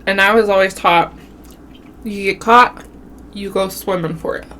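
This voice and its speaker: Slow-talking woman telling a spooky story. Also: medium pitch, a little hiss or hum. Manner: animated storytelling with southern-style "y'all". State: runny nose. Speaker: mukbang vlogger telling a story. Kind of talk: casual storytelling. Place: home, eating on camera.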